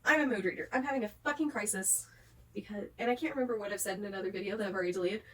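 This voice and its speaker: A woman's voice: mid-range voice, rapid-fire, a bit bright, far from the mic. A young woman ranting in a book vlog at home, rambling and swearing, worn out after a day of crying. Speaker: book vlogger. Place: home, with pets nearby.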